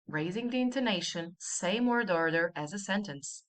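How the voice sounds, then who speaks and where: A woman's voice: mid-range voice, normal speed, few pauses, a bit bright. A woman teaching a language lesson, patiently repeating each example and asking the listener to say it after her.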